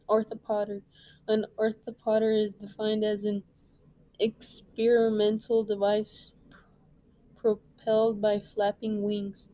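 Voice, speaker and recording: Slow, mellow woman reading aloud. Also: a little high, dry recording, low-quality recording. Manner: plain, unhurried read-aloud with small slips. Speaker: reading teacher.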